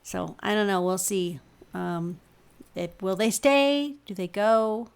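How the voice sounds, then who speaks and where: A woman's voice: mid-range voice, slow, gravelly, smooth. Middle-aged woman recapping games casually. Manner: meandering, many ums, recaps games. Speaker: podcast co-host. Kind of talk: casual sports chat.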